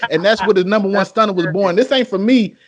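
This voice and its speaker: A man's voice: high-pitched, quick pace. A man hosting a podcast, asking questions in a laid-back casual way, full of fillers. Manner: laid-back, many yeahs and you-know fillers. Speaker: podcast host.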